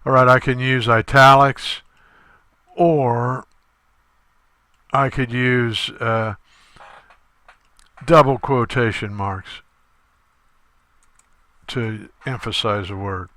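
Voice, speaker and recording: A male instructor talking through a screen-recorded tutorial step by step, halting often with fillers. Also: medium pitch, fairly even intonation, pushed and bright, no echo.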